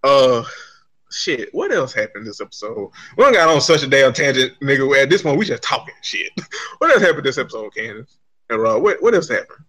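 A man co-hosting a podcast, telling stories in an animated, profane, laugh-filled casual chat. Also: mid-range voice, fairly quick. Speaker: podcast co-host.

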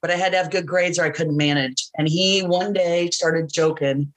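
A woman's voice: fairly low pitch, moderate pace, rough recording. A middle-aged woman, a wrestling announcer, chatting as an interview guest, telling stories with lots of laughter and acted-out voices. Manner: animated storyteller, laughs often, acts out quoted voices. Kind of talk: casual chat.

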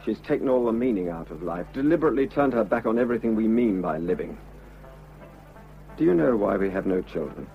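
An actor playing an unhappily married man who confesses his love, earnest and halting, in a vintage radio drama. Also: fairly low pitch, expressive, creaky, faint music behind. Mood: earnest pleading. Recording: dull lo-fi old radio recording.

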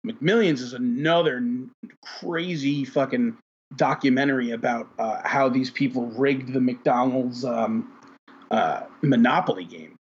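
A man with a husky, slightly raspy voice hosts a podcast in loose, casual chat. He rambles, stacks up filler words and swears freely. The recording sounds dull and lo-fi. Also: medium pitch, measured pace. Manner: rambling, heavy on fillers, profane. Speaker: podcast host.

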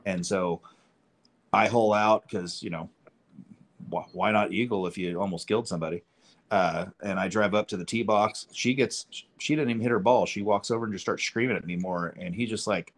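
A man's voice: fairly low pitch, normal speed. A man co-hosting a podcast, telling rambling, profane golf anecdotes and acting out the people in them. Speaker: podcast co-host. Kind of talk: casual chat, storytelling.

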